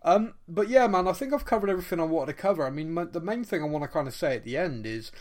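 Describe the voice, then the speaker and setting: A man co-hosting a casual podcast chat, excitedly retelling scenes and laughing often. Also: a little high, fast talker. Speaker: podcast co-host.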